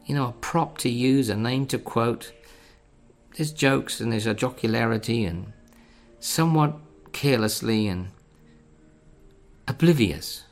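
A man preaching a sermon in an earnest, measured way, rising to emphatic stresses. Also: mid-range voice, faint music behind.

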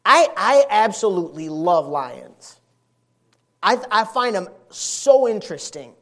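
High-voiced man preaching a folksy sermon. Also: measured pace. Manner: animated, folksy storytelling with emphatic repetition.

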